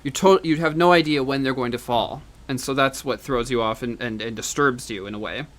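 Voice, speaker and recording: A man's voice: medium pitch, brisk, a bit bright. A man giving a university music lecture, explaining step by step, counting beats and humming rhythms, with frequent fillers and restarts.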